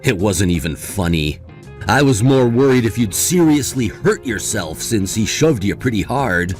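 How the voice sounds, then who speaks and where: A man plays a young man in a dramatized story, mocking and dismissive one moment, sympathetic the next. His voice moves around a lot in pitch. Light background music plays under the dialogue. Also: animated, normal speed, natural voice. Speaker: voice actor in a story video. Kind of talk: scripted voice acting.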